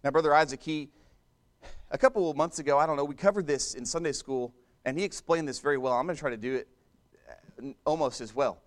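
A man's voice: on the high side, quick pace. A man preaching a sermon in a conversational way, repeating and restarting phrases and turning to the congregation with asides.

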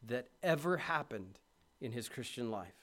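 A man preaching a sermon to his congregation, asking them questions directly and moving from quiet reflection to loud, impassioned appeals. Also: mid-range voice, expressive, normal speed.

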